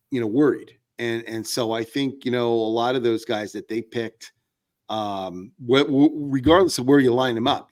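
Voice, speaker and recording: Male podcast guest, middle pitch, casual and rambling, lots of restarts. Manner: rambling, many fillers and restarts. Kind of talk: casual sports chat.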